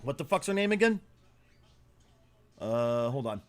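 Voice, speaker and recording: A man's voice: mid-range voice, big pitch swings, measured pace. A man hosting a casual livestream, reacting bluntly with lots of swearing and often trailing off while he searches for names. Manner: blunt, profane, opinionated. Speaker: livestream host.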